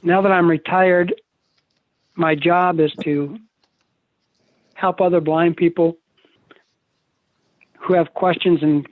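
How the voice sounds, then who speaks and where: A man's voice: fairly high pitch, fairly even intonation, takes it slowly, long pauses, no echo. An older man giving a live motivational seminar over a video call, telling stories in a folksy, joking way. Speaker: motivational speaker. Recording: tinny, dry video call audio.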